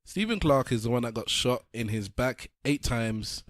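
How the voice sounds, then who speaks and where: A man's voice: medium pitch, normal speed, dry recording, clean studio sound. A man hosting a podcast, chatting casually and acting out voices as he tells stories. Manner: animated storytelling, acting out voices. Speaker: podcast host. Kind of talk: casual chat.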